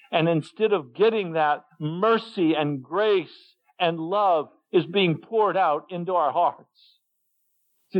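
Male preacher, earnest sermon, slow unhurried delivery, emotional, muffled lo-fi recording. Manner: earnest, emotional, dips low and soft.

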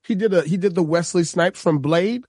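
A man co-hosting a casual podcast chat, enthusiastic and animated, with lots of "like.". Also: high-pitched, normal speed, dry recording, clean studio sound. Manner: enthusiastic and animated, says "like" a lot. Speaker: podcast co-host.

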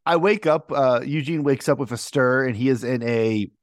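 A man's voice: medium pitch, normal speed, no room sound, clean studio sound. A man playing a tabletop game, narrating his character's scene casually and crudely. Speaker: player.

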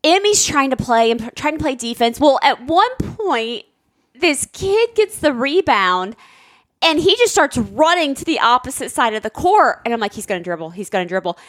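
A woman's voice: normal speed, no room sound. A woman in her thirties telling a family story in casual chat, acting out quotes with big jumps in her voice. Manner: animated, acts out quotes with big pitch jumps. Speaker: podcast co-host, parent.

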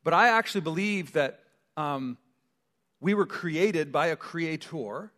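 Brief: male pastor, slightly high voice, preaching conversationally with humorous asides in a reverberant church. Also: lively intonation, a little slow, a bit bright. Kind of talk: sermon. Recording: long church hall reverb.

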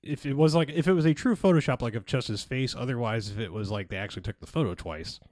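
A man's voice: medium pitch, fast talker, a little mellow, no echo, clean studio sound. A man co-hosting a movie podcast in casual chat, musing and hedging with plenty of filler words. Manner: musing, hedging with lots of "you know" and "like". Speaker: podcast co-host.

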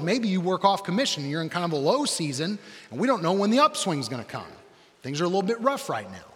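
A male preacher giving a conversational sermon, leaning on "like" and dropping to a hush for emphasis. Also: on the high side, long reverb tail. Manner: conversational, lots of "like", dramatic drops to quiet.

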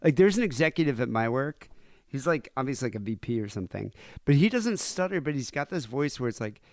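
A man co-hosting a comedy podcast, telling animated anecdotes and mimicking other people's voices in casual chat. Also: mid-range voice, fast, no room sound, clean studio sound. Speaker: podcast co-host.

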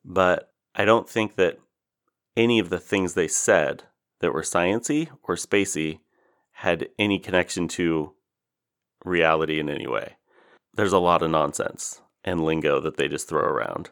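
A man co-hosts a podcast, talking casually with blunt, sarcastic, dry humor. His voice sits very low. He speaks into a close mic. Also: a little slow, vocal fry, a bit bright. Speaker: podcast co-host. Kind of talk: casual chat.

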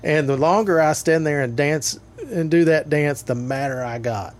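A man's voice: on the high side, moderate pace. A man, an appraiser guesting on a podcast, telling a funny story in casual chat and laughing through it. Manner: laughs often, tells stories with strong bursts.

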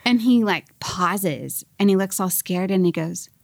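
A woman in her forties, a podcast guest, telling her life story in an animated, laughing way and acting out the voices she quotes. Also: medium pitch, a little slow, creaky, no echo. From California. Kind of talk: casual storytelling interview.

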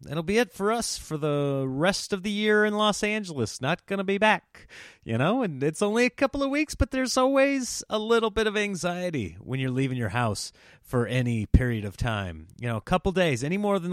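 Animated man telling stories on a podcast. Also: high-pitched, fairly quick, no room sound, clean studio sound. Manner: animated storytelling, jumps into exaggerated voices for quoted people. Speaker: comedian podcast host. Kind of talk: casual solo podcast chat.

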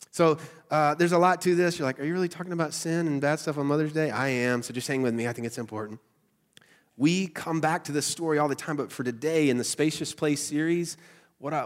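A young man with a nasal Southern accent, a pastor preaching a conversational, animated sermon with asides to his congregation. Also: on the high side. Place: church sanctuary. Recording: long hall reverb.

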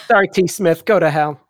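A man's voice: a little high, no echo, clean studio sound. A man co-hosting a podcast, chatting casually and making wry jokes. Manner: joking, wry asides. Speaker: podcast co-host. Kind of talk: casual chat.

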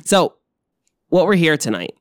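A man's voice: fairly high pitch, very animated, unhurried, a crowd in the background. A young man hosting a podcast, chatting casually from a hotel room, laughing often and correcting himself as he goes. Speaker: podcast host. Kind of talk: casual chat.

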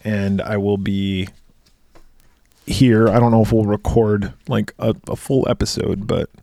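A man's voice: on the low side, little pitch movement, measured pace, creaky, dark tone, no room sound. A middle-aged man co-hosting a casual podcast chat, joking and laughing easily. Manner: laughs often, loose and joking. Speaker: podcast co-host.

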